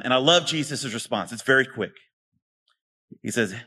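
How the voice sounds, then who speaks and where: A man preaching a sermon in a relaxed, conversational way, often tossing rhetorical questions to his listeners. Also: mid-range voice, normal speed, long pauses, husky. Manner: casual, asks rhetorical questions. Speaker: pastor.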